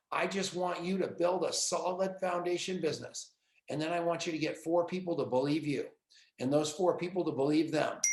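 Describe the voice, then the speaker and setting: A man's voice: high voice, echoey room. A middle-aged man giving a fervent, rambling motivational pep talk over a video call and calling out names as he goes. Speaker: network marketing leader.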